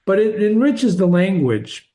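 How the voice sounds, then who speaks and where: A man's voice: high-pitched, big pitch swings, unhurried, dark tone. An older man reading a classic novel aloud and explaining it like a teacher, in a chatty, digressive way with chuckling asides. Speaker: reader and teacher.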